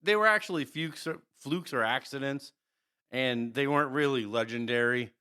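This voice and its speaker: A man co-hosting a podcast, describing characters in a relaxed, rambling way with frequent chuckles. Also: medium pitch, moderate pace, smooth. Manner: rambling, chuckles often, restarts. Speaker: podcast co-host. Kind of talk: casual chat describing characters.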